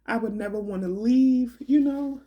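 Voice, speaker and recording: A young adult woman talks slowly and from the heart in a personal monologue. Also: on the high side, highs cut off. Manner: slow, heartfelt, colloquial and conversational. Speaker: vlogger.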